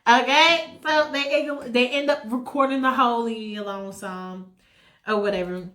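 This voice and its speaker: A woman casually telling a story, animated, chatty and profane. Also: a little high, moderate pace.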